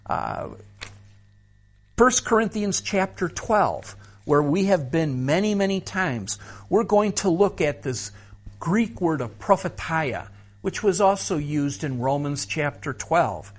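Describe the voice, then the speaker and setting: Slow, husky male Bible teacher. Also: fairly high pitch. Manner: slow, measured, explains terms patiently. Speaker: seminary teacher.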